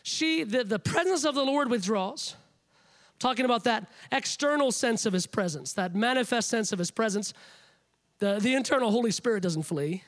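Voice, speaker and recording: A man delivering a sermon in a strikingly high voice. He is emphatic and stacks repeated phrases to build each point. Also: expressive, moderate pace. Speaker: preacher.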